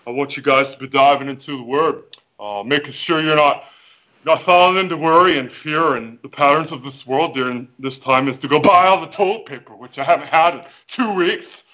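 A man's voice: a little high, fairly quick, sharp tone, highs cut off, voice pushed down. A man playing a hammy fitness-coach preacher. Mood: preachy. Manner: hammy, playful, over-the-top motivational patter. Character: goofy overconfident male fitness coach and preacher. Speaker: fitness guest. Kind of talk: comic character interview over video call. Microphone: headphones with mic.

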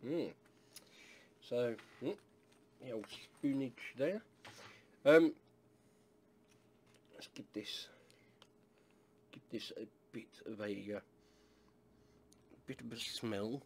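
A man's voice: mid-range voice, slow, long pauses, a little mellow, a little hiss or hum. A man from England casually reviewing a hot sauce, rambling with lots of fillers and asides.

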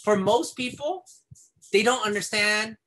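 A man giving a casual, animated video lesson on behavior therapy as a supervisor, acting out examples as he explains. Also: high voice, a little slow.

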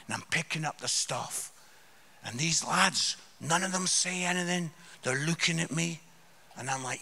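A Scottish man with a fairly high, gravelly voice tells comic stories live to a church crowd. He is animated, swinging between loud outbursts and low asides. His tone is bright and forceful. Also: moderate pace. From Scotland. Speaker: comedian guest speaker. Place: church hall before a live audience.

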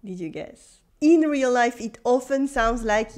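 A woman's voice: fairly high pitch, expressive, unhurried, few pauses, a little mellow. A woman with a French accent, a native French speaker, teaching a language lesson in English and patiently explaining step by step. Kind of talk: scripted video lesson.

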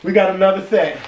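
A man with an Ohio accent unboxing fan mail in a vlog, emotional and exclaiming, repeating himself. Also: high voice. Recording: echoey room, distant mic, background noise.

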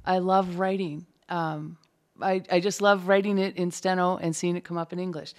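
A woman's voice: medium pitch, steady tone, moderate pace, vocal fry, a little mellow. A middle-aged woman with a light Minnesotan accent, chatting casually as an interview guest and thinking aloud with fillers and restarts. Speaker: closed captioner, guest.

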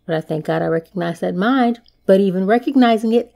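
A woman's voice: medium pitch, brisk, creaky, few pauses, darkish tone. A woman hosting a casual solo podcast, talking in a sassy, playful way with slang asides. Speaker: podcast host.

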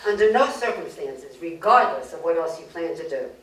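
A woman from Brooklyn telling jokes to an audience, her voice a bit low and caught from some distance. The room rings noticeably around her, with a faint hiss underneath. She chuckles between punchlines. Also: animated, normal speed. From Brooklyn, New York. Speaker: humorous speaker. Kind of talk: comic lecture telling jokes. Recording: roomy, distant mic, faint noise.

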